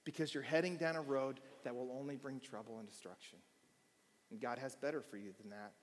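A man preaching a sermon as pastor, telling a story with quiet asides and bursts of shouting. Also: medium pitch, a little fast, slight background noise. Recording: long hall reverb.

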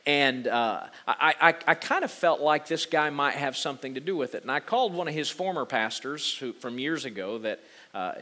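A man in his forties, a pastor, preaching a sermon and telling a personal story in an earnest way, with halting restarts. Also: a little high, expressive, pushed and bright.

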